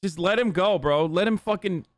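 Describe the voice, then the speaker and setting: A man's voice: high-pitched, normal speed, no room sound. A young man streaming a casual reaction, swearing a lot and mocking what he watches in disbelief. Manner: profane, mocking, incredulous.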